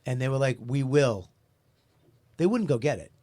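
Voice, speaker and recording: Man telling stories in animated banter. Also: medium pitch. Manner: animated storytelling, quick laughs. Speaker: radio show host. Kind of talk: casual comedic banter.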